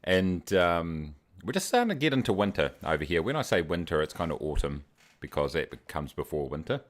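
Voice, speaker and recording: A low-voiced man with a New Zealand accent chats casually through a livestream. He jokes around and greets his viewers by name one after another. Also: big pitch swings, fairly quick. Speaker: livestream host.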